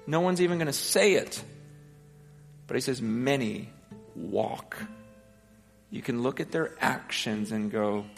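A man's voice: mid-range voice, moderate pace. A man, a pastor, preaching a sermon, quoting scripture and asking rhetorical questions with rising intensity. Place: church hall. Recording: live sermon with long hall reverb and soft guitar behind. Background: faint guitar music.

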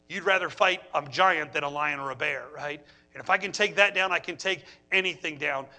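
High, bright-voiced preacher man. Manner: animated storytelling, acts out his own reactions. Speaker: pastor. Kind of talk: sermon.

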